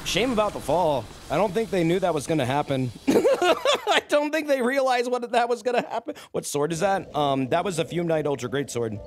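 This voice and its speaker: A man chatting casually to viewers while streaming a game, excitable and quick to shout and exclaim during fights. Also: high-pitched, noisy background. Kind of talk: casual live-stream gameplay commentary.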